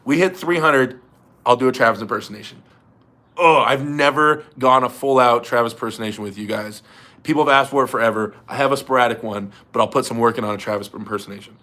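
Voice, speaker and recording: A man's voice: mid-range voice, a bit bright. A man hosting a casual livestream from his garage, joking and reading out viewer messages. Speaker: livestream host. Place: home garage.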